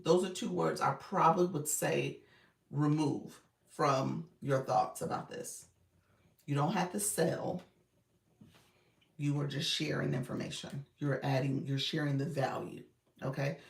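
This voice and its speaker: Laughing, gravelly-voiced woman coach. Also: low-pitched, distant mic. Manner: animated, laughs often, addresses viewers as y'all. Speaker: coach hosting a live stream. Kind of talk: casual live-stream chat reading comments. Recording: echoey room, voice a bit off-mic.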